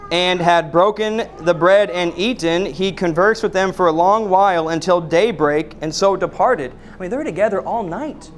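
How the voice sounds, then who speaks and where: A man's voice: fairly high pitch, a little hiss or hum. A man preaching a sermon as pastor, asking repeated rhetorical questions and often restarting his words.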